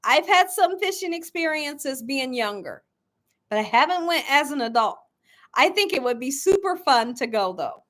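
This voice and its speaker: A woman's voice: high voice, big pitch swings, normal speed, a bit bright. A woman hosting a live stream who chats casually with her viewers, laughing often in a playful, talkative way. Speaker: live-stream cooking channel host.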